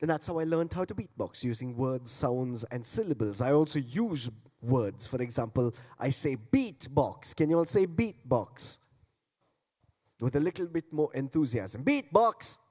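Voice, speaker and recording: A man leads a playful beatboxing talk and demo on stage in a large conference hall, getting the audience to join in. His medium-pitched voice is sing-song and a little mellow at a measured pace. Long hall reverb colors the sound.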